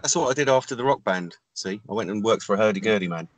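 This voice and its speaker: A man co-hosting an improvised comedy chat, with a dry and playful deadpan manner. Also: on the low side, quick pace, no echo. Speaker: comedy co-host.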